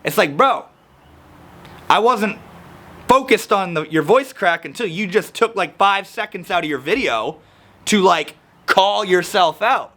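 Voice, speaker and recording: A man's voice: sits high, measured pace. A young man talking casually to camera, explaining social anxiety and acting out the people he quotes. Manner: animated, acts out quoted people. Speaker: self-help video host.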